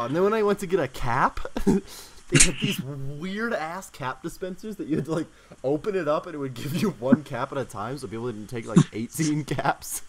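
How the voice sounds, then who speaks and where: A streamer spins a casual story for their stream and keeps breaking into giggles. The voice sits at an ordinary middle pitch, and a steady hiss runs underneath it. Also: rough recording. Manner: giggly, laughs through the telling.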